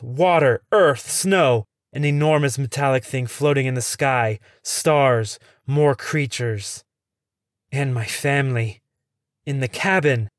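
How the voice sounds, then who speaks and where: A man reading a first-person horror story in a tense, suspenseful way, dropping to a hush at the scary moments. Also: medium pitch, dry recording, studio quality.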